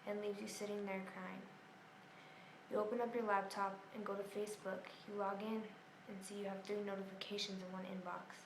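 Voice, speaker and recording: Flat-voiced woman narrating somberly. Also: mid-range voice. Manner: somber, earnest, with small self-corrections. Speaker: storyteller. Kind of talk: earnest home-video narration. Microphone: camera mic. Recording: echoey room, faint hum.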